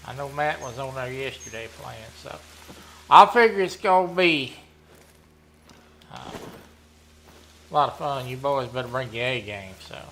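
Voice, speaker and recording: A man, chatting casually while playing a hunting game, rambling and often clearing his throat. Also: mid-range voice, lively intonation, a little slow, long pauses, fairly bright tone, slight background noise. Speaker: gaming streamer running a members' community.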